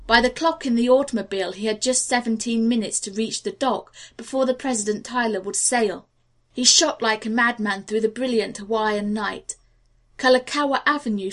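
A woman narrating a novel aloud in a steady, expressive way. Her voice sits a little high for a woman. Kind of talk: audiobook narration.

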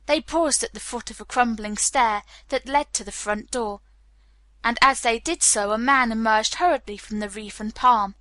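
Bright-voiced woman reading a novel. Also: on the high side, normal speed, dry recording. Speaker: audiobook narrator. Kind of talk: scripted narration.

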